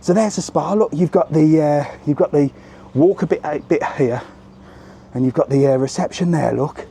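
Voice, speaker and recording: A man's voice: fairly high pitch, normal speed, creaky, slight background noise. A middle-aged man giving a chatty live walking tour of a hotel resort, talking to his phone camera as he goes. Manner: chatty, animated, keeps saying "look". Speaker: travel vlogger. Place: outdoors around a hotel resort.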